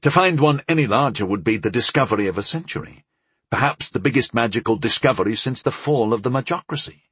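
An eager young mage, as a male narrator plays him, pitched higher than the narration, pressing with quick, urgent questions. His husky voice swings widely in pitch. The recording is dry and close. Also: animated, fairly bright tone, no echo. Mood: earnest.

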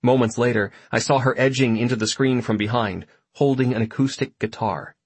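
A man narrating a first-person story audiobook in a reflective, even manner. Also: mid-range voice, a little fast, husky, no room sound.

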